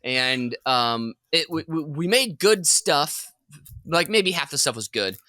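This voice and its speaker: Animated, bright-voiced man telling a story. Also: a little high, slow pace, no echo. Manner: animated, rambling, laughs through his story. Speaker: podcast co-host. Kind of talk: comedic storytelling on a podcast.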